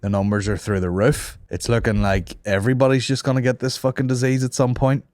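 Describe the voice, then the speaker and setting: A man's voice: medium pitch, little pitch movement, a little fast, a little mellow, dry recording, clean studio sound. A young man hosting a casual comedy podcast, ranting and swearing in mock outrage. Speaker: podcast host.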